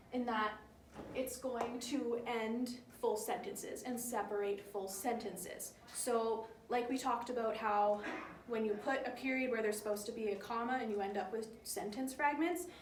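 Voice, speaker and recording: A woman's voice: on the high side, reverberant, far from the mic, a little hiss or hum. A young woman teaching grammar in a casual, chatty way, often checking in with her listeners. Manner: chatty, keeps checking in with "right?".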